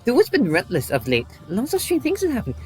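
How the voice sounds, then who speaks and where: A man voicing a small, fluffy forest creature in a high, bouncy, sing-song voice. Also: wildly swooping pitch, fast, darkish tone, soft background music, full character voice. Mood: chirpy.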